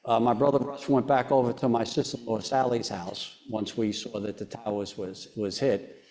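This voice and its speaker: A man, a foundation chairman interviewed on stage, telling a personal story in an earnest, halting way, often restarting and sometimes dropping very quiet. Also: mid-range voice, flat delivery.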